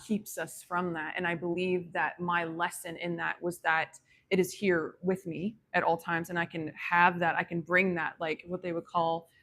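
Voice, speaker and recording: A woman's voice: on the low side, gravelly, fairly bright tone. A woman telling a personal story in a casual, rambling way, full of fillers and restarts, reflective and spiritual in tone. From grew up on a ranch.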